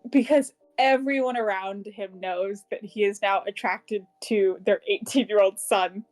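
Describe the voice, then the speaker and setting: A woman's voice: medium pitch, steady tone, unhurried, a little mellow, soft background music. A woman co-hosting a book club podcast, chatting casually about a novel, giggling often and swearing freely as she gushes. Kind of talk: casual chat recapping a novel.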